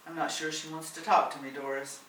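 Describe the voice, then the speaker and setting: A man's voice: fairly high pitch, flat delivery, a little fast, fairly bright tone, natural voice. A man voicing an anxious middle-aged mother on a trip abroad, earnest and emotional, recorded far off in a roomy space with faint hiss. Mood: wistful.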